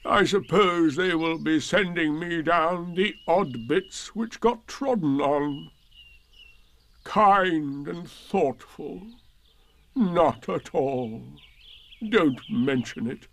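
A man reading a storybook, voicing a gloomy, self-pitying old male donkey in a mournful, drawn-out way. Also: fairly high pitch, a bit bright, pitched above the performer's own voice, heavily acted.

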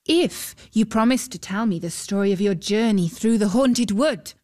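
A woman's voice: medium pitch, moderate pace, warm tone, close to an everyday voice. A woman voicing a wilful water-spirit girl.

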